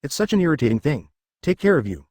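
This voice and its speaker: A man's voice: fairly high pitch, big pitch swings, fast, a little mellow, dry recording. A man voicing an aloof, arrogant young martial master who talks in a curt, dismissive way.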